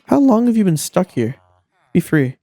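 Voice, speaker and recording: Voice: mid-range voice, sing-song, moderate pace, dark tone, no echo. A gameplay commentator talking casually, exasperated and swearing often, scolding game characters, with the voice leaping up when frustrated.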